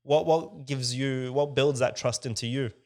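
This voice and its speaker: A man co-hosting a business podcast, talking casually and growing animated when he quotes other people. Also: medium pitch, a little slow. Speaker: podcast co-host.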